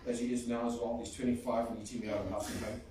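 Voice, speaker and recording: A man's voice: medium pitch, little pitch movement, fast talker, dark tone. Man in an echoey hall. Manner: fond storytelling, sings a folk song. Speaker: son giving a eulogy. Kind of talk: funeral eulogy. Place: large echoey hall at a funeral. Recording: echoey hall from far off, faint noise.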